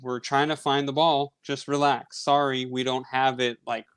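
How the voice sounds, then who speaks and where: A man's voice: medium pitch, moderate pace, smooth, no room sound. A man in his thirties, hosting a sports podcast and telling a long casual story with lots of fillers. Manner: rambling, animated anecdote with many fillers. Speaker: podcast host.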